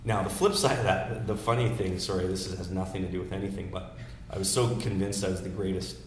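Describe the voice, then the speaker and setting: Guy in his 30s spinning campaign stories, lowish voice, echoey room with a bit of hiss. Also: fast. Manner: storytelling, many restarts and fillers, animated. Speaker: political strategist, guest. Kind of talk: anecdotal casual talk. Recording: echoey room with faint noise.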